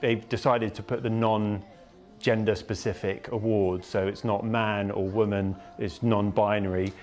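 A man's voice: fairly low pitch, little pitch movement, unhurried, darkish tone. Friendly, playful male interviewer. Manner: friendly, playful, laughs easily. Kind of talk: casual interview chat.

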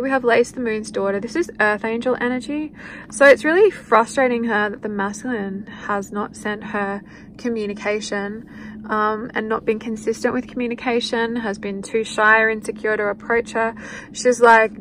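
A woman's voice: on the high side, steady tone, normal speed, fairly bright tone, slight background noise, low-quality recording. A woman giving a spiritual card reading, chatting loosely and voicing what the people in it might be thinking. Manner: chatty, speaks in quoted inner voices. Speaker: tarot card reader.

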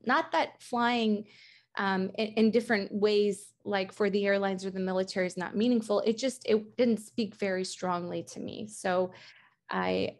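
A woman's voice: medium pitch, a little mellow. Earnest woman pilot, thoughtful. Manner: earnest, thoughtful, halting restarts. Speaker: pilot guest. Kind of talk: interview answers.

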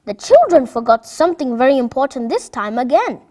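A woman narrating a children's story in a clear, expressive read-aloud voice. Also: high voice, a little fast.

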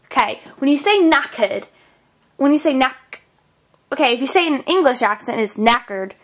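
A woman's voice: sits high, expressive, moderate pace. A young woman from the southern United States putting on a mock British accent, bossily correcting her sister in a comic lesson. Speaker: co-host. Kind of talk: comic teaching segment.

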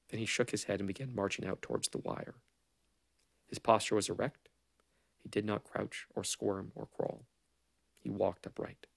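A man narrating a novel as an audiobook in a measured, understated way. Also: on the low side, gravelly, no room sound.

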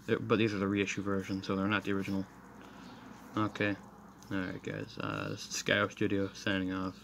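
A man's voice: low-pitched, little pitch movement, fairly quick, vocal fry, fairly bright tone. A man doing a casual, rambling toy review at home, apologetic and frustrated. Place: room in a house. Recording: noisy home recording.

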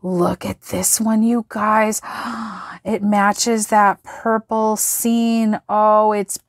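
A woman vlogger excitedly showing stickers and washi tape, gasping and gushing over each item. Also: medium pitch, takes it slowly, no echo, studio quality. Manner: gushing, gasps and exclaims over items. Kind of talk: excited product flip-through.

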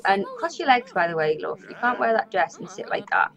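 Brisk and very animated, a woman with a medium-pitched voice provides easygoing let's play commentary, chatting away and speaking to characters on screen. Crowd noise can be heard, and the lo-fi audio is a bit dull.

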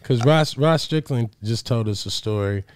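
A man's voice: medium pitch, moderate pace, darkish tone, no room sound, studio quality. A man hosting a casual podcast chat, reacting to the stories and laughing.

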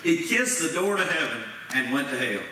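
With a slightly high, expressive voice that is bright and forceful, a man preaches at a moderate pace as pastor. He asks the congregation questions in a folksy, plain manner marked by Southern-style grammar. Faint noise and heavy echo come through, since the church sanctuary is miked from a distance.

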